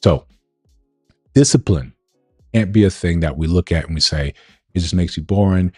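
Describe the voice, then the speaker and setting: A millennial man hosts a live stream, talking earnestly and reasoning through his ideas step by step. His voice sits low and mellow, recorded dry and close with faint music underneath. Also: moderate pace, breathy edge, no room sound. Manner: earnest, explaining, reasoning point by point. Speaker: livestream host. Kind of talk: live-stream commentary, greeting chat viewers.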